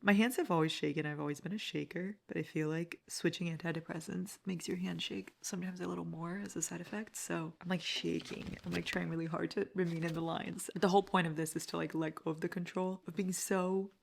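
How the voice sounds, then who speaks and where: A young man chatting casually in a book vlog, profane, excitable and rambling. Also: on the high side, fairly quick, creaky, few pauses. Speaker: book vlogger. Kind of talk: casual chat.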